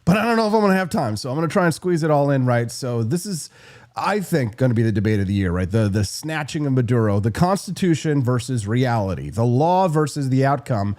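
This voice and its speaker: A man hosting a live political talk show, brash and quick, reacting to chat and plugging sponsors. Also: medium pitch, animated, a little mellow. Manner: brash, fast-talking, reads live chat. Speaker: host.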